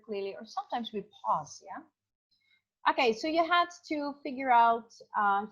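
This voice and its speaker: A woman's voice: mid-range voice, a bit bright. A woman teaching an English class over a video call, chatty and encouraging, often checking that students follow. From Indonesia. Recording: dull muffled video call audio.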